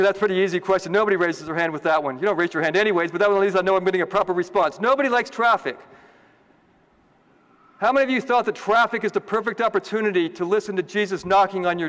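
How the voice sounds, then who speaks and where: A man's voice: sits high, a bit bright, long reverb tail. A man, a priest, giving a homily in a conversational, joking way and asking the congregation questions.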